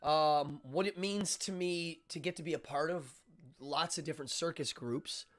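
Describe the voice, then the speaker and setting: A man's voice: fairly high pitch, normal speed. A man hosting a live-stream show, talking casually and rambling with frequent fillers and restarts.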